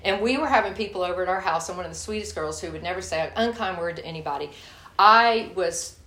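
A woman with a lowish voice and a sharp tone delivers a candid, folksy sermon at a quick pace, weaving in a personal story and addressing the church group as y'all. The recording has an echoey room and a faint hiss.

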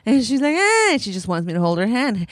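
A young woman, a mother of a toddler, chatting casually and animatedly, acting out her child's cries in high squeals. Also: expressive, fast, no room sound, clean studio sound. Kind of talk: casual chat.

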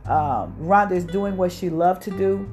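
Animated woman giving a motivational talk. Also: lowish voice, moderate pace, faint music behind. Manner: animated, preachy, laughs often. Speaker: motivational speaker.

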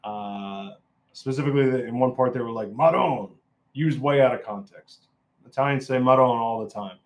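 Guy doing a casual movie review vlog, opinionated, keeps restarting his sentences, mid pitch. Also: brisk, a little mellow. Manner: opinionated, rambling with frequent restarts. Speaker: film reviewer.

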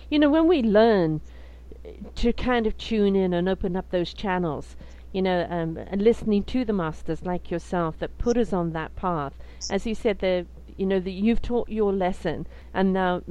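A woman's voice: fairly low pitch, warm tone, clean tone, poor audio. A woman hosting a conversation, speaking in a flowing, affirming way. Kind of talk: podcast conversation.

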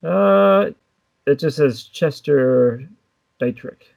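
A man co-hosting a casual film podcast, talking in a relaxed way with wry asides. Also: a little high, extremely slow, gravelly. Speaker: podcast co-host.

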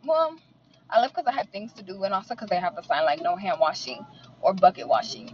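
A woman vents in a casual, profane rant, indignant and animated as she tells her complaint. She is recording from inside a car. The sound is slightly dull, with a faint hum of road noise behind her. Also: mid-range voice, brisk. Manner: profane, animated and indignant, mutters affirmations softly. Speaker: vlogger ranting to camera. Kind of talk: casual venting monologue.

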